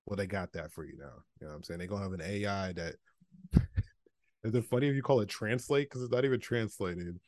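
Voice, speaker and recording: A man's voice: on the low side, a little fast, darkish tone, no echo. A man co-hosting a podcast in a laid-back, profane, casual chat, full of filler phrases. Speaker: podcast co-host.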